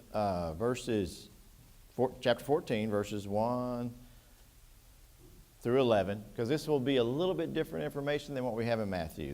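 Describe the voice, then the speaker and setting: Lively-voiced man teaching a Bible class. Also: mid-range voice. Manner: conversational, asks the class questions. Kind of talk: church Bible class lesson.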